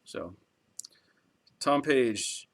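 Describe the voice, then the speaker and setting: A man's voice: medium pitch, expressive, very slow, a bit bright. A middle-aged man hosting a garage channel, chatting casually on a live stream and reading viewer comments in a talkative, rambling way with chuckles.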